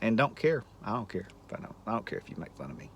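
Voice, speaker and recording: A retired man, telling a jokey story in a casual vlog and building up to loud exclamations. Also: on the low side, very animated, fast, slight background noise. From Southern United States. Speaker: retired school administrator and vlogger.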